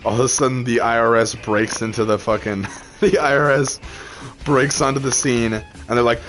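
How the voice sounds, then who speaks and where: A man's voice: medium pitch, fairly even intonation, moderate pace, fairly bright tone, faint music behind. A man chatting casually over gameplay, rambling through a story with lots of fillers and laughs. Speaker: gaming channel host.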